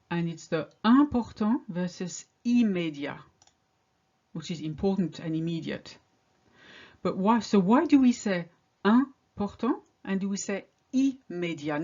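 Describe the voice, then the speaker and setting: A woman teaching a pronunciation lesson, drilling example words one at a time with slow, careful delivery. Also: on the low side, a little mellow, highs cut off. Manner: slow, deliberate word-by-word drilling. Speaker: French teacher.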